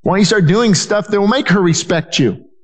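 A man's voice: high-pitched, expressive, fairly quick. A man preaching a sermon as pastor, earnest and repetitive, often restarting his phrases and acting out the people he quotes.

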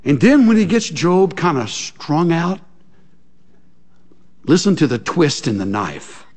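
An older man delivers a sermon in a hall with long, ringing reverb. His voice sits a bit high for a man and swings widely in pitch as he tells stories. He laughs along and acts out small asides. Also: slow pace. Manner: animated storytelling with laughter and acted-out asides. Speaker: preacher.

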